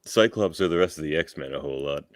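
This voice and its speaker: A man co-hosting a podcast in a casual chat, talking in a measured, thoughtful way and trailing off softly. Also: extremely low pitch, no echo, studio quality. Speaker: podcast co-host.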